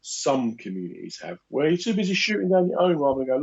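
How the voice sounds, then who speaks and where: A man co-hosting a casual chat, telling animated stories and acting out other people's lines. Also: mid-range voice, fast talker, vocal fry, hardly any pauses. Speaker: podcast co-host. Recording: muffled lo-fi recording.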